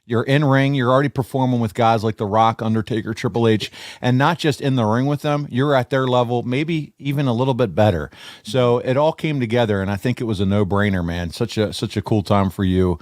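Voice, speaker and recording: A man's voice: mid-range voice, fairly quick, no room sound, studio quality. Joking male interviewer. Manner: friendly, joking, chummy asides. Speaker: interview host. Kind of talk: casual interview.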